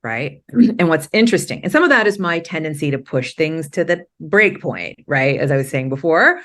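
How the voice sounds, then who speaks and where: A middle-aged woman from Maine appears as a podcast guest, candidly telling her story in a deep, fairly bright, animated voice. She rambles with many restarts and quick laughs.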